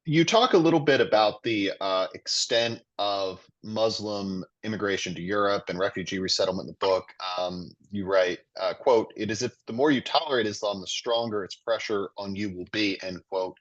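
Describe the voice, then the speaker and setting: A man interviewing a guest, asking measured, slightly hesitant questions. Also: fairly low pitch, no echo. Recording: dull dry audio.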